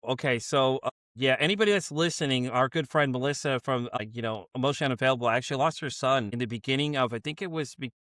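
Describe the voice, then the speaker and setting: Male podcast host, quick and animated, dry close mic. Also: mid-range voice, no room sound. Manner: animated storytelling, acts out quotes, swears freely. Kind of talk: casual podcast chat.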